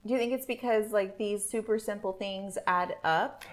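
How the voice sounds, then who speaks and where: A woman's voice: mid-range voice, moderate pace. A woman hosting a casual podcast chat, earnest and supportive, speaking in affirmations. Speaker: podcast host.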